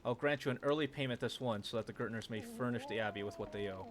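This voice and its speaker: A man's voice: mid-range voice, fast, a little hiss or hum, natural voice. A man reading aloud as a stern male abbey priest who speaks in a firm, businesslike way. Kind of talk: reading game dialogue aloud.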